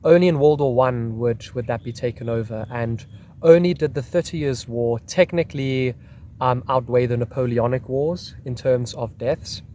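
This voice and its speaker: A man's voice: mid-range voice, normal speed, warm tone. A man hosting a history video, talking casually and reading out a soldier's account. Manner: chatty, repeating "crazy, hey?".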